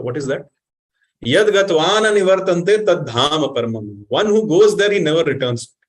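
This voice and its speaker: A man giving an animated sermon, questioning the audience and reciting Sanskrit verses. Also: a little high. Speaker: spiritual teacher.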